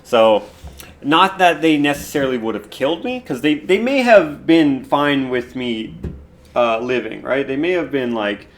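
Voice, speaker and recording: A man from Canada co-hosting a casual talk show, telling a story step by step in a relaxed way. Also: mid-range voice, unhurried, slight background noise. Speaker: co-host. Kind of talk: casual chat.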